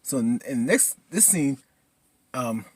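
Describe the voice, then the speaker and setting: A man casually recapping a TV episode in an excitable, colloquial way. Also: medium pitch, takes it slowly, breathy edge, dry recording. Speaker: TV episode reviewer.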